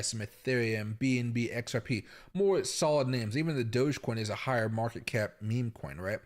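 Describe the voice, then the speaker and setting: Chatty man hosting a crypto livestream. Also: mid-range voice. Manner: chatty, rambling, talks straight to viewers. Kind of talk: casual livestream commentary. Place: home.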